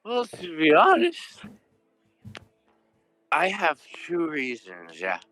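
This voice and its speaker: A man's voice: fairly high pitch, huge pitch swings, slow pace, bright, forceful tone, no echo, heavily acted. A man doing a drunk, swearing paladin. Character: drunk young male paladin, scared and rambling.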